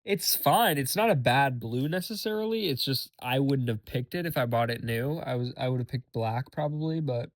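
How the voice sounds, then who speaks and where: Young man, hoarse from being sick, podcast host, rambling casual chat, dry sound. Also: mid-range voice, expressive, brisk, hardly any pauses, no echo. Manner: rambling, self-deprecating, filler-heavy.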